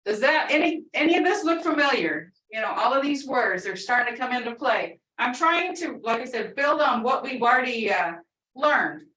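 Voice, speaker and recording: A woman teaching a language class over a video call. She explains patiently step by step and says each new word slowly. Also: on the high side, lively intonation, pushed and bright. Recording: echoey room, distant video-call mic.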